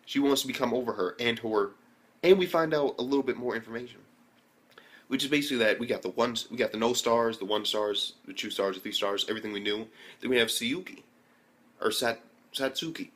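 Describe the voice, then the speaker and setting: A young man recapping an anime episode in casual slang, excitable and full of swearing and fillers. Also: mid-range voice, a little fast. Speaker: anime reviewer.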